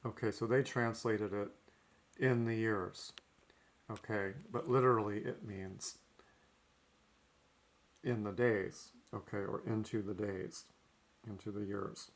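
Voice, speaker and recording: A man's voice: lowish voice, fairly even intonation, takes it slowly, pauses often. A man giving a recorded language lesson, working through notes methodically and marking each step with "okay". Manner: methodical, frequent "okay" between points. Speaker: teacher.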